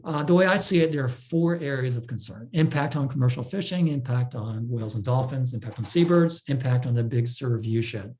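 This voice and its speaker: A man gives a technical presentation in a warm, mellow voice at a middling pitch. He explains step by step in a measured way, often pausing on fillers and restarting his sentences. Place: online talk.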